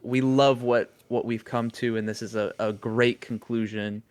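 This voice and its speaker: A young man in relaxed podcast conversation, with a voice of ordinary pitch. He thinks out loud with plenty of fillers and slips in small chuckles. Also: moderate pace, clear, resonant tone. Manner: laid-back, chuckles often, thinks aloud with fillers. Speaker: podcast co-host. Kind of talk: casual chat.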